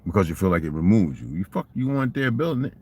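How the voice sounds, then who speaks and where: Older man, lowish voice; rambling, profane monologue storyteller. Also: very animated, fast, darkish tone, breathy edge. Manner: profane, conversational, asks rhetorical questions. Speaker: vlogger.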